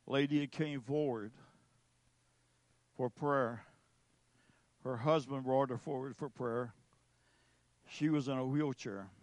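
A man preaching a sermon as a pastor, slow and emphatic with dramatic pauses. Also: medium pitch, steady tone, a little mellow, no echo.

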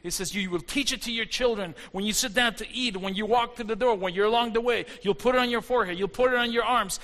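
A man's voice: sits high, fast, fairly bright tone. A man preaching a fervent sermon, his intensity rising and falling as he speaks. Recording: long hall reverb.

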